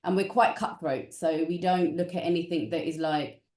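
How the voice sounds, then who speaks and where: A woman's voice: on the low side, fairly even intonation, normal speed, a little mellow, reverberant, distant mic. A woman property investor, a guest in a casual interview, talking in a chatty, frank, plain-spoken way. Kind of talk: casual interview on a video call.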